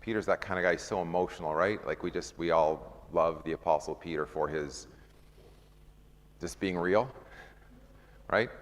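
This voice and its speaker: Male Bible study leader, low voice, conversational teacher who dramatizes scripture, recorded in a reverberant hall. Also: normal speed, pauses often. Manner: conversational, asks the group questions, acts out scripture scenes.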